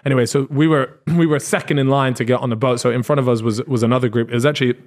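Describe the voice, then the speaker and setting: A man, podcast co-host, telling a long story in casual chat, animated, swearing and acting out what others said. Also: medium pitch, rapid-fire. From Britain. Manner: animated, swearing, acts out quotes.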